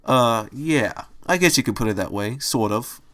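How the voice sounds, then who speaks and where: A man voicing a grumpy, streetwise male bunny who talks in a dry, gruff wiseguy manner. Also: mid-range voice, animated, normal speed, a bit bright, lightly acted.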